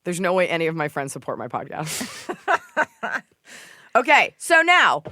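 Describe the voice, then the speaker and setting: Animated woman podcast host, dry sound. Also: on the low side, measured pace, no echo. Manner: animated storytelling, acts out quotes, swears freely. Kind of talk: casual comedic chat.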